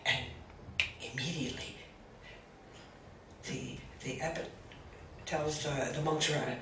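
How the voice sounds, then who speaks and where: A woman spiritual teacher telling a story to a group, speaking with halting restarts. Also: low-pitched, steady tone. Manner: slow, halting, with many restarts. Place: meeting room. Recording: roomy, distant mic, faint hiss.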